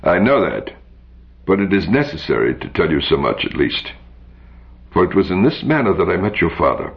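A man's voice: low voice, big pitch swings, moderate pace. A man reading aloud, voicing a cool, refined male dandy who speaks in a precise, insistent way. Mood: urgent. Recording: dull lo-fi recording.

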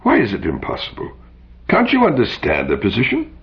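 A man's voice: medium pitch, huge pitch swings, brisk, voice pushed up. A man reading aloud, voicing a cool, refined male dandy who speaks in a precise, insistent way. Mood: urgent. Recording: dull lo-fi recording.

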